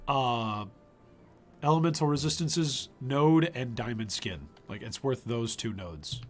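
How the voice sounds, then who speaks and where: A man's voice: medium pitch, animated, takes it slowly, soft background music. A man giving casual live-stream commentary while he plays, thinking aloud and trailing off, his voice wearing thin. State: losing his voice. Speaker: gaming streamer.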